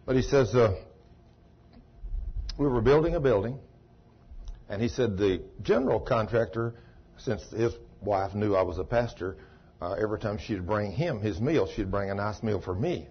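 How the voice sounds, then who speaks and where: A man preaches a sermon in a folksy, plain-spoken way, retelling a story and voicing its dialogue. His voice is husky and slightly raspy. The recording is muffled and lo-fi, like an old sermon tape. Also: fairly low pitch, animated, normal speed, pauses often. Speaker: pastor.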